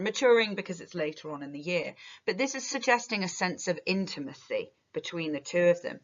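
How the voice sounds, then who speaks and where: A woman's voice: low-pitched, fairly bright tone, lo-fi sound. A woman teaching poetry, walking through a poem line by line and stressing key words. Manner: thinking aloud with fillers, stressing key words. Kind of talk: literature lesson with close reading.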